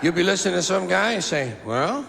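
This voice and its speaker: An American man doing a profane, mocking stand-up comedy routine on a theater stage, building to shouted punchlines. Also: sits high, fast, gravelly, background noise. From United States. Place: theater stage before a laughing audience. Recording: live hall recording with loud crowd.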